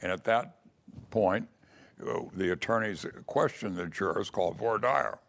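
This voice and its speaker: Speaking unhurriedly in a lowish, gravelly voice with a fairly bright tone, an older man tells stories about starting out as a lawyer. This casual memoir has him performing the voices of the people he quotes.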